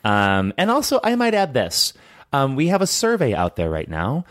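A man's voice: medium pitch, wildly swooping pitch, normal speed. A man co-hosting a podcast, chatting casually and gushing with enthusiasm, with lots of fillers. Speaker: podcast co-host. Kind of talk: casual chat.

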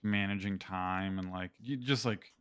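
Man, casual chat, rambling, lots of "like", slightly low voice, dry close mic. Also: a little slow, fairly bright tone, smooth, no echo. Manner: rambling, heavy use of "like". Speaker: podcast co-host.

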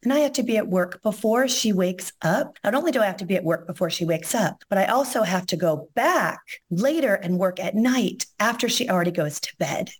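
A hoarse woman, a podcast guest telling her story in a heartfelt, emotional way. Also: on the low side. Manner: emotional, heartfelt, close to tears. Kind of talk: casual interview storytelling.

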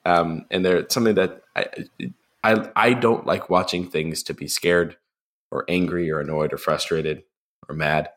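A young man with a very deep voice co-hosts a relaxed podcast chat about a film. He rambles, fills gaps with ums, and slips into acted-out quotes. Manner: rambling, lots of ums, acts out film lines in a raised voice. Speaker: podcast co-host.

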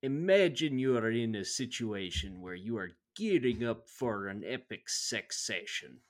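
A man's voice: on the low side, lively intonation, a little slow. A man voicing an Italian male podcast host doing an earnest, slightly hammy ad read, with an Italian accent. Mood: mock-earnest.

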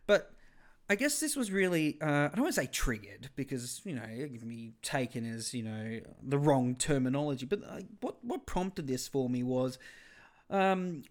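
An Australian man in his thirties hosting a solo podcast, talking in a rambling, self-deprecating way full of digressions. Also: medium pitch. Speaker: podcast host.

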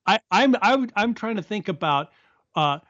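A man guest commentator in casual political chat, halting and hesitant with many restarts. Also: high voice, expressive, fairly bright tone, no room sound. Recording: dull lo-fi remote line.

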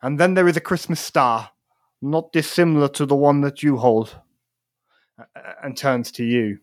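A man's voice: fairly high pitch, moderate pace, no echo, clean studio sound. Polite man running a tabletop game. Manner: polite, rambling with fillers. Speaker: game master.

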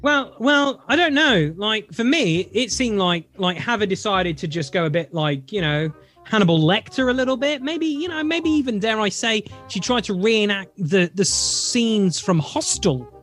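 A man talking eagerly and casually as a player at a tabletop game. His voice sits very high for a man, and faint music plays in the background. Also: animated, normal speed, fairly bright tone. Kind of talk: casual chat.

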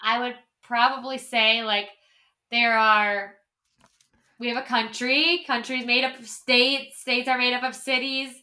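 A woman's voice: on the high side, level tone, a little slow, sharp tone. A woman who works as a kindergarten teacher, chatting on a podcast and explaining things in simple terms, with plenty of "like"s. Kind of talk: casual podcast banter.

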